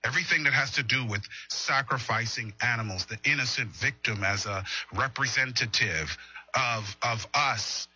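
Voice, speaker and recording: A man teaches a morning Bible lesson on a livestream, earnest and prone to repeating himself as he asks listeners questions. His voice is very bright with a husky edge. The recording is dry and a little dull. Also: mid-range voice, moderate pace, dry recording. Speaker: preacher.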